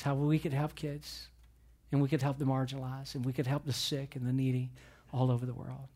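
Preaching man, loud then hushed. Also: fairly high pitch. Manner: storytelling, swings from loud emphasis to near whispers; repeats and restarts phrases while preaching. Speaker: pastor. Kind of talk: sermon.

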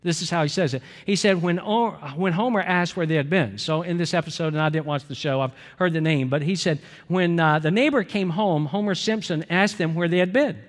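A man preaching as pastor, animated and conversational, speaking directly to his congregation. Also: fairly high pitch, brisk, hardly any pauses, long reverb tail. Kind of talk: sermon.

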